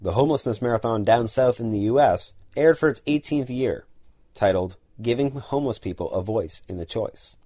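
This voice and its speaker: A male radio host reading a formal scripted introduction in a steady manner. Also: mid-range voice, normal speed.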